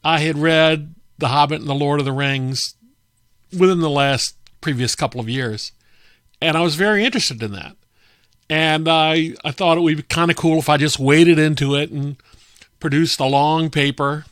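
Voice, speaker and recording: A man's voice: a little high, normal speed, dry recording. Chatty man hosting, dry close sound. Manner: relaxed, chatty, with frequent fillers. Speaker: podcast host. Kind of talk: casual storytelling monologue.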